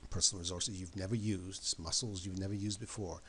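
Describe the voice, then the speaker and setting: A man's voice: low-pitched, steady tone, a little fast, fairly bright tone, a little hiss or hum. A man giving an emphatic motivational talk, often repeating words and questions for effect. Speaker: motivational speaker.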